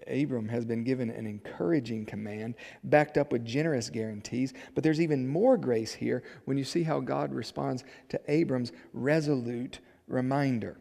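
A man preaching a sermon, moving between soft passages and loud emphatic build-ups. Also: medium pitch, normal speed, gravelly, few pauses, big-room sound. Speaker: pastor.

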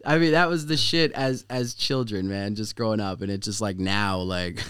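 Male host, crisp dry voice, loose profane storyteller who jumps up in pitch to play the people in his stories. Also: normal speed, dry recording. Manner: animated, profane, laughing storyteller; voice jumps high when acting out people in the story. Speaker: podcast host. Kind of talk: casual chat, storytelling.

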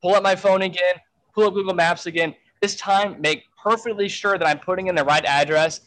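A man's voice: sits high, steady tone, fairly quick, a bit bright, rough recording. A man telling a frantic story in a casual way, full of fillers and swearing. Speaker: guest storyteller.

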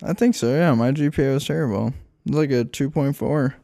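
A man's voice: mid-range voice, brisk, vocal fry, warm tone, no room sound, studio quality. A man from Minnesota co-hosting a casual comedic podcast, chiming in with wry, groaning reactions. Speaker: podcast co-host.

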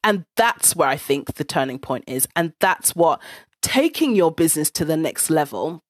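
A blunt, animated woman telling a personal story straight to the listener, swearing freely along the way. Her voice sits low for a woman but swings widely up and down as she talks. The recording is dry and close, with no room sound. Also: moderate pace, dry recording. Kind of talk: casual storytelling monologue.

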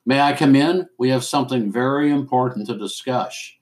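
A man's voice: medium pitch, moderate pace, a little mellow, close to an everyday voice. A man reading aloud and voicing a suave, formal male embassy art advisor with polite, ingratiating speech. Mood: courtly.

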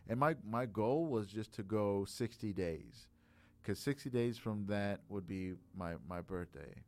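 A man's voice: lowish voice, animated, measured pace, darkish tone. A man in his late thirties chatting casually on a podcast, reflective and rambling, full of filler phrases. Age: late 30s.

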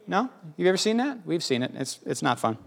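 A middle-aged male pastor preaching a sermon in an animated, fast-talking way with jokey asides. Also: high voice, vocal fry.

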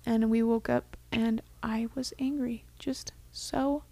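Young woman, heartfelt and reflective co-host, higher voice, dry recording. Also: fairly even intonation, slow, gravelly, mellow, dry recording. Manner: heartfelt, reflective, drops to a whisper for quoted thoughts. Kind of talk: casual chat.

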